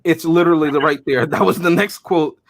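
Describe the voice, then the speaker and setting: A man's voice: on the high side, a little fast. A man co-hosting a casual movie review show, talking animatedly, often laughing and acting out quotes. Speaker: podcast co-host.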